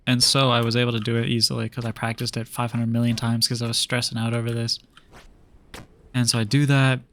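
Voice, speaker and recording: A man's voice: medium pitch, completely flat delivery, fairly quick, a bit bright, a little hiss or hum. A young man streaming a game, telling a long story in a rambling, exasperated way full of fillers. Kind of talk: casual storytelling while gaming.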